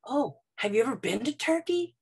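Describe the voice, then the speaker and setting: A shy young schoolgirl speaks softly and hesitantly, her voice lifted and a little breathy, as a woman storyteller puts her on. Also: high voice, very animated, moderate pace, voice pushed up, heavily acted. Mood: curious. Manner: soft, hesitant.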